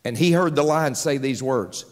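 A man's voice: medium pitch, moderate pace. A man preaching a sermon as pastor, telling folksy jokes and calling out for amens to his congregation. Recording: long hall reverb with faint music.

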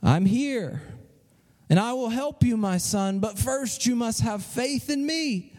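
A man's voice: extremely high pitch, lively intonation, takes it slowly, a little mellow, long reverb tail, exaggerated voice. A man doing a solemn voice from above. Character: solemn commanding male voice from above.

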